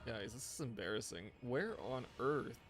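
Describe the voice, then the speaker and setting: A man live-streaming a game, tired and rambling as he chats with his viewers. His voice sits at a middling pitch, and his sentences trip and restart. Faint music plays under his talk. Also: lively intonation, normal speed. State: tired, yawning. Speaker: gaming streamer. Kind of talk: casual live-stream chat.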